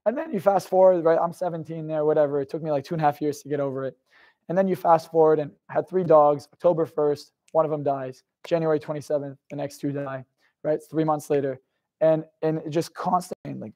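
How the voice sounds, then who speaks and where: A man's voice: fairly high pitch, steady tone, fairly quick, dark tone. A young man giving a live motivational talk to an audience, telling an intense personal story, swearing freely and putting questions to the crowd. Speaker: motivational speaker.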